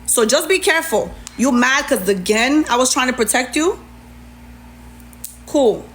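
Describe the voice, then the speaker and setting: A woman's voice: high-pitched, lively intonation, unhurried, fairly bright tone, slight background noise. A woman, ranting heatedly on a livestream and retelling an argument with plenty of sass. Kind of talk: livestream rant.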